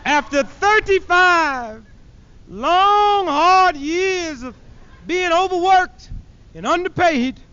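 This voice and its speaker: A man's voice: very high voice, expressive, unhurried, long pauses, fairly bright tone, clear, resonant tone, heavily acted. A man voicing a pompous male university professor announcing on television, in a puffed-up, theatrical way, on a dull lo-fi 1970s archive recording.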